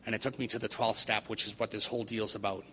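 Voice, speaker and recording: A man's voice: on the low side, little pitch movement, quick pace, bright, forceful tone. A man giving a recovery meeting talk, earnest and repeating phrases for emphasis. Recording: long hall reverb, faint noise.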